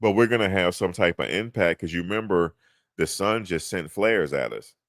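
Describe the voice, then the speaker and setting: A middle-aged man talks in a loose, rambling way as host of a casual chat. His voice sits very low. The sound is dry with almost no room around it. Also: normal speed, no room sound. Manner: laid-back, rambling, chuckles at own jokes. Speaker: podcast host.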